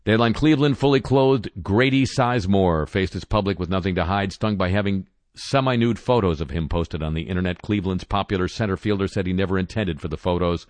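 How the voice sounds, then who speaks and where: A man hosting a satirical news roundup, reading stories in a deadpan way and dropping wry asides. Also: deep voice, no echo. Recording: music bed under voice.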